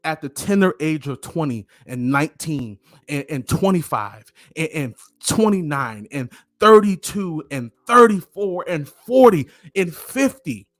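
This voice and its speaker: A man's voice: a little high, sing-song, unhurried, hardly any pauses, dry recording, studio quality. A middle-aged man giving an earnest motivational talk to camera, repeating phrases for emphasis, with faint music behind him. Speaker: motivational speaker.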